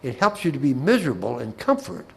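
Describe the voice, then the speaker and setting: A man's voice: mid-range voice, sing-song, quick pace, creaky, noisy background. A man giving a Bible class talk in a folksy way, with humorous anecdotes and asides, often repeating words as he restarts a phrase.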